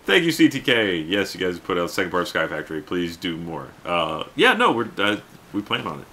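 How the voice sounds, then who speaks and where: A male streamer chats casually while he plays, rambling playfully and reading out his chat. His voice is very deep but bright and forceful. Faint noise hums under it. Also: sing-song, a little fast. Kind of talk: casual live-stream commentary.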